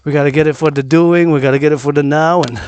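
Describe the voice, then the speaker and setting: A man's voice: a little high, fairly even intonation, fast talker, darkish tone, a little hiss or hum. A man vlogging outdoors on a forested mountain trail, rambling and repeating words and phrases over and over. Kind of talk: rambling vlog monologue.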